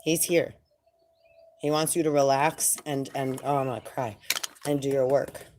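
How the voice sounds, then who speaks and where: Woman, low voice, slangy, loose spiritual musing, faint hiss behind. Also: normal speed. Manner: animated, slangy, laughing, rambling. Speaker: spiritual channeler. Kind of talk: casual spiritual monologue.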